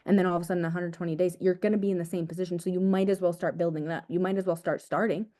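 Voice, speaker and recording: A young woman talks fast to her sales team, her voice low-pitched and mellow. She coaches with casual energy, repeating key lines and saying "dude" and "guys". It sounds like a video call. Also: fairly even intonation. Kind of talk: motivational team talk.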